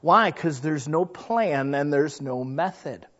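A man's voice: on the high side, animated, takes it slowly, a bit bright, dull audio. A man preaching a sermon in a conversational way, acting out the thoughts of his listeners. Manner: conversational, acts out quoted inner voices. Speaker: pastor.

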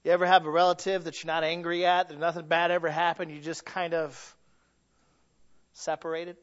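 A man's voice: flat delivery, brisk. Preaching man on a dull lo-fi recording. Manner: swings from hushed low lines to loud rising peaks; acts out quoted voices in storytelling. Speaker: pastor. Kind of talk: sermon.

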